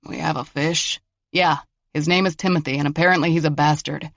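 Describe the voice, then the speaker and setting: A man's voice: a little high, fairly even intonation, fairly quick, gravelly, fairly bright tone, no echo, muffled recording. A man voicing a wry, exasperated federal agent in an audiobook, speaking in a dry way.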